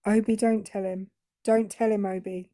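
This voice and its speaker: A woman's voice: medium pitch, level tone, normal speed, mellow, dry recording, clean studio sound. A woman co-hosting a casual livestream chat, teasing and wry. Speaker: co-host.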